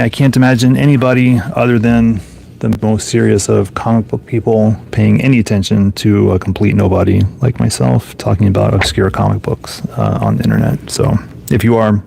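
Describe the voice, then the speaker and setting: Gravelly, low-voiced man musing casually. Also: normal speed, dark tone. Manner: musing, offhand, thinking aloud while flipping pages. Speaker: comic book reviewer. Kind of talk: casual solo commentary.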